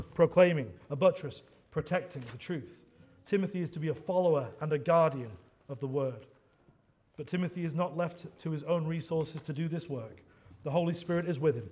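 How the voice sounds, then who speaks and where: Male preacher, emphatic and conversational, slightly higher voice. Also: darkish tone. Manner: emphatic, conversational asides with fillers. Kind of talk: expository sermon.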